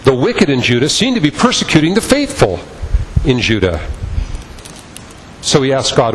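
A man's voice: medium pitch, huge pitch swings, normal speed, pauses often, fairly bright tone, long reverb tail, a little hiss or hum, poor audio. A man preaching a sermon as pastor, impassioned and repetitive in his cadence.

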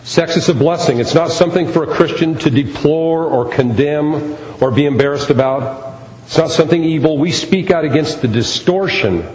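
This pastor's voice is fairly high-pitched yet darkish in tone, moving at a normal pace. He preaches emphatically, returning again and again to key phrases, in an echoey hall with faint ambience.

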